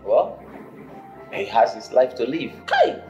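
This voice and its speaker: A man's voice: on the high side, moderate pace, lo-fi sound. An actor playing a blunt, scolding male friend in a film drama, speaking with a Nigerian accent and slipping into pidgin. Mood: gossiping. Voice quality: lively, exclaiming, mixes in pidgin. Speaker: Benjamin's friend. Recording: echoey room, faint music.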